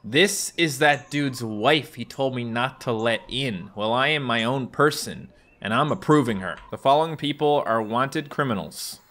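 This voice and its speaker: A young man doing goofy, comedic commentary while playing a game, jumping into loud excited outbursts. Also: mid-range voice, moderate pace. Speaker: gaming YouTuber. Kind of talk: comedic let's play commentary. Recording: faint game music behind.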